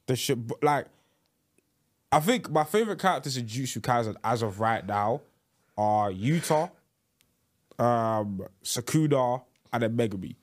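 A man's voice: medium pitch, expressive, measured pace, long pauses. A man hosting a podcast, talking casually and with animation, full of restarts and "like" fillers. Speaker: podcast host. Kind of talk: casual chat.

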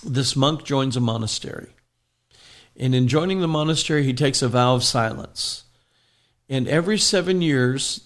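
A man's voice: medium pitch, vocal fry. A man preaching a sermon, reading scripture aloud and explaining it line by line, now and then telling a joke with a small laugh. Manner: tells jokes with small laughs.

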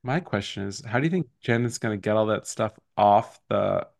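A man's voice: lowish voice, normal speed, creaky, darkish tone. A man co-hosting a podcast in casual chat, self-deprecating and laughing often. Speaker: podcast co-host.

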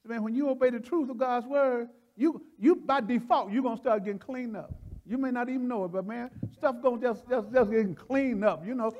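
A man with a very high voice preaches to his group. He talks in a folksy, fired-up way, laughing often and circling back over the same phrases. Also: a little fast, darkish tone. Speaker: preacher leading a Bible study. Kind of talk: animated sermon teaching.

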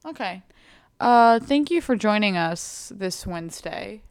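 A woman's voice: medium pitch, lively intonation, unhurried, clean tone. A young woman co-hosting a podcast, telling stories in a rambling, casual way full of fillers. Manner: rambling storyteller with many fillers. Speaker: podcast co-host. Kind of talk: casual chat.

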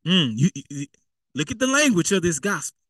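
A man's voice: sits high, very animated, normal speed, a bit bright, no echo. A man preaching a sermon in a casual, conversational way, repeating himself and throwing in asides. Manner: conversational and repetitive, with spoken asides.

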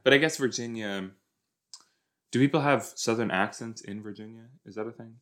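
A young man hosts a podcast, reacting casually to a TV episode with rambling jokes and silly put-on voices. His voice sits fairly low, with a fairly bright tone, and he talks at a moderate pace in a chatty way.

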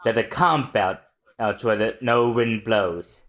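A podcast co-host voicing a bossy young woman navigator who shouts orders at her crew. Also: mid-range voice, takes it slowly, voice pushed down. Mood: explaining. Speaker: podcast co-host reading manga aloud.

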